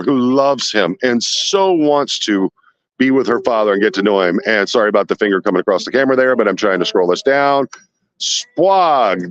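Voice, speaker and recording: A man's voice: mid-range voice, no echo, dull audio. A man live-streaming outdoors at night from a handheld phone, sweating as he reads chat and fires off indignant rhetorical questions.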